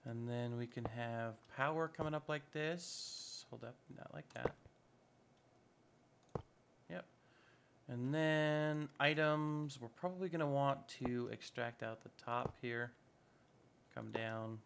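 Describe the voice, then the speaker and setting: A man's voice: mid-range voice, slow, gravelly, long pauses, noisy background. A man giving casual, upbeat commentary while playing a modded block-building game, chatting to himself as he builds. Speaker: Minecraft modpack let's-play host.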